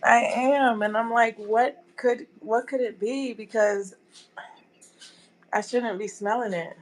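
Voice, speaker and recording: A woman's voice: a little high, steady tone, takes it slowly. A woman hosting a casual live stream, chatting loosely and calling her viewers y'all.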